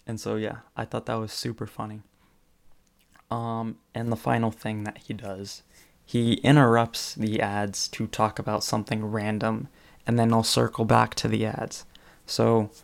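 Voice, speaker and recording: A man's voice: on the low side, vocal fry. A man casually retelling funny stories in a spoken presentation, with fillers and occasional chuckles. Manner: chatty retelling with fillers, chuckles between phrases.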